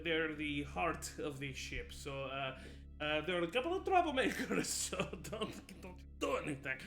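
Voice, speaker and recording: A woman's voice: low-pitched, lively intonation, moderate pace, soft background music. A man doing a chatty, cheerful ship captain woman. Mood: upbeat. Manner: bubbly, rambling, warmly apologetic.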